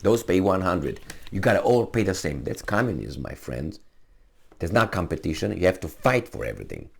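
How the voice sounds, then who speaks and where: A man with a low, gravelly voice gives an argumentative opinion monologue to camera. He plays out imagined exchanges in his own voice to press his points. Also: very animated, fairly quick. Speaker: commentator hosting his own channel.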